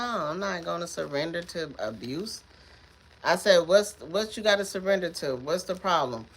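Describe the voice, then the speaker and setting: A woman, talking in a rambling, emphatic way during a casual live tarot stream, often repeating words and laughing. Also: fairly low pitch. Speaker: tarot reader.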